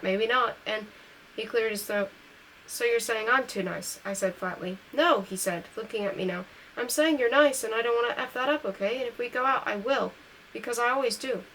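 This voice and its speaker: A woman's voice: mid-range voice, a little hiss or hum, poor audio. A woman reading a novel aloud, lifting her voice a little for the dialogue and correcting her own slips as she goes. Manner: reads dialogue lines a little louder and livelier than narration. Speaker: audiobook reader. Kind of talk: amateur read-aloud of a novel.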